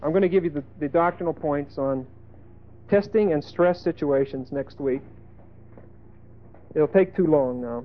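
A male preacher giving a folksy sermon, emphatic, with sudden loud bursts and asides. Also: on the high side, a little slow, long pauses. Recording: tinny phone-like lo-fi sermon tape.

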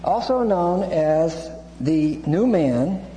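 In a hall that echoes and hums, a man delivers an expository sermon on the Bible. His voice sits on the high side and is animated, very slow and mellow. He keeps restarting, wanders into asides, and explains Greek words as he teaches.

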